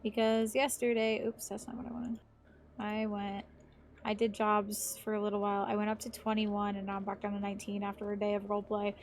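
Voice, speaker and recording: A woman's voice: medium pitch, level tone, a little fast, slight background noise. A woman streamer chatting casually on a live stream, swearing freely as she plays.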